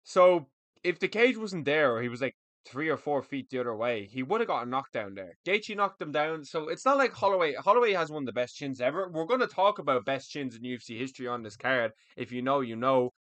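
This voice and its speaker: A man's voice: medium pitch, expressive, a little fast, a bit bright, no echo. A young man, an MMA pundit, giving casual fight predictions in a blunt way, swearing freely and repeating himself.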